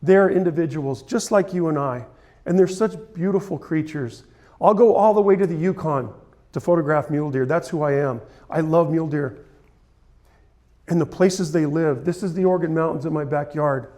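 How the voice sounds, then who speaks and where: A man's voice: on the high side, normal speed, mellow. A man in his forties, a photographer giving a conference talk, telling personal stories in an earnest, emotional way. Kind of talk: storytelling presentation. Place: conference hall.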